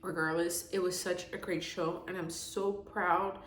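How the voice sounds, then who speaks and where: A woman's voice: on the low side, level tone, unhurried. A young woman vlogger giving a casual, heartfelt, rambling review with lots of fillers. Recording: echoey room with faint background noise.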